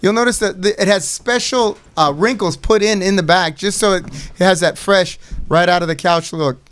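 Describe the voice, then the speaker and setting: A man's voice: sits high, moderate pace, a bit bright, smooth. A man hosting a casual wrestling talk show, teasing and joking with his co-hosts. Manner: teasing, jokey. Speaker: show host. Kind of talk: casual podcast chat.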